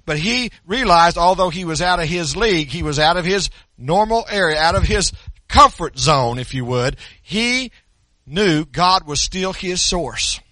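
A man's voice: sits high, animated, unhurried, bright, forceful tone, dry recording. An older man preaching a sermon, swinging between folksy stories and emphatic preaching. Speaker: pastor.

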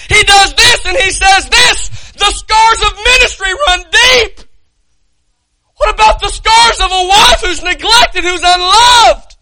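Preacher, male, very high and sharp-toned, impassioned delivery. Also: slow, a little hiss or hum, poor audio. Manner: impassioned preaching, shouting and breaking into tears at peaks. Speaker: pastor. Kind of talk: sermon.

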